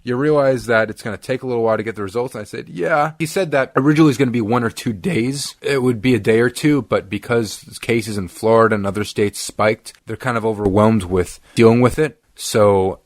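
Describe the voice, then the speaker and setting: At a slightly fast clip with few pauses, a young man with a medium-pitched voice co-hosts a podcast in a dry, studio-quality recording. He tells a story casually and animatedly, acting out the other people's voices.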